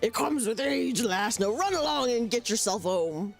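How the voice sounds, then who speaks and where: Woman doing a gruff stern old recruiter. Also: a little high, animated, moderate pace. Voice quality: gruff, drifting southern drawl. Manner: reading game lines aloud in an improvised put-on voice. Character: gruff older male guild recruiter, stern and protective.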